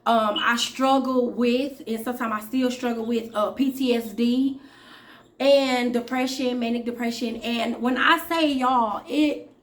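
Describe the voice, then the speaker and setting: A woman in her thirties speaking casually to her viewers as a vlogger, chatty and direct, with many pauses and fillers. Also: on the high side, steady tone. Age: 30s. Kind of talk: casual talk to camera.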